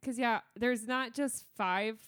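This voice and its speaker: A woman co-hosts a laid-back book podcast, her voice sitting a little high. She is playful and laughs easily. The sound is dry and close, with no room echo. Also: steady tone, slow, fairly bright tone. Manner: giggly, playful, breaks into laughter often. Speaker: podcast co-host. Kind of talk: casual book podcast chat.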